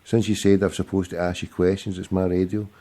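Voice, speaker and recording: A man's voice: low-pitched, little pitch movement, brisk, dark tone. A man hosting a casual radio show, swearing constantly and teasing his guest bluntly. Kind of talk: casual chat.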